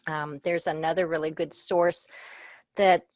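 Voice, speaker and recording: A middle-aged woman with a lowish voice leads a casual webinar for librarians over a video call, speaking from personal experience with frequent "um" and light humor. The sound is dry and close, with no room echo. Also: level tone, measured pace, a little mellow. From Iowa.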